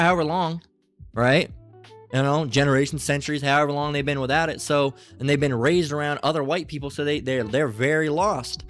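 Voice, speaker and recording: A man's voice: fairly high pitch, a bit bright. A man giving a casual, rambling religious monologue, full of repeated "all right"s, restarts and the odd curse word. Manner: rambling, repetitive, profane, fillers like "all right". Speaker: religious commentator.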